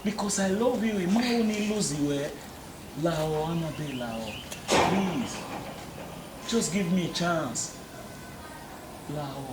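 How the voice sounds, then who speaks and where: A man's voice: sits high, unhurried, echoey room, recorded from a distance, very noisy. An actor with a Nigerian Pidgin accent playing a lovestruck male neighbor who rambles and pleads desperately. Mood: pleading. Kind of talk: comedy film acting. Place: outdoor residential compound.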